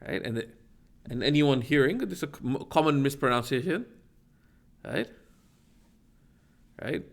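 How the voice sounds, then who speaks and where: A man's voice: mid-range voice, animated, measured pace, vocal fry. A man teaching a class from a legal text. He reads Arabic passages aloud, explains them with many fillers and restarts, and keeps checking in with "right?".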